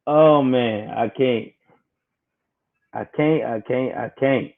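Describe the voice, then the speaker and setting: A man's voice: mid-range voice, drawn-out words, gravelly. A man hosting a casual livestream, joking in slang and laughing often between remarks. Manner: laughs constantly, slangy and animated. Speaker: livestream host. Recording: tinny phone-like audio.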